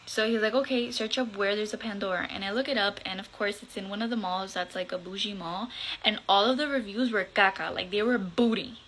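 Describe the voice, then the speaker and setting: Bright-voiced young woman telling a story. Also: mid-range voice, brisk, a little hiss or hum, rough recording. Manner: animated, mixes Spanish words into English; blunt and salty, swears casually. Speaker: content creator. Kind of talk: storytime vlog.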